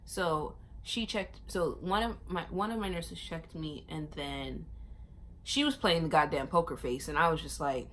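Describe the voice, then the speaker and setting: A young woman vlogger telling a long personal story in a casual, animated way, acting out other people's lines in a raised voice. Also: sits low, moderate pace, a little hiss or hum. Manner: animated, acts out the nurses' and her own lines in raised voices, laughs often.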